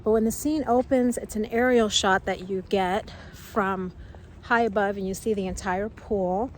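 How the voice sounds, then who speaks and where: A woman's voice: medium pitch, fairly even intonation, a little slow, a little hiss or hum. A woman vlogging casually outdoors, chatty and exclamatory, thinking aloud as she walks through town in winter. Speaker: travel vlogger visiting film locations. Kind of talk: casual walking-tour vlog.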